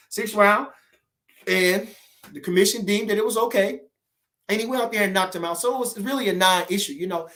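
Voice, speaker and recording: Rambling, animated man chatting to viewers. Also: sits high. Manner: rambling, animated, keeps asking "you understand?". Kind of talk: casual livestream chat with viewers.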